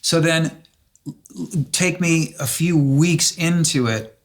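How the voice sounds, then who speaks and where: A man's voice: a little high, slow. A man hosting an interview podcast, asking curious, probing follow-up questions. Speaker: podcast host. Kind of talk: conversational interview.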